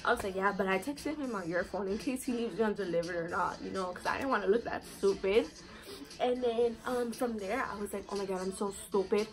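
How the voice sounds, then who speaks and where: A young woman vlogger telling a casual storytime, full of slang, swearing and 'like' fillers. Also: medium pitch.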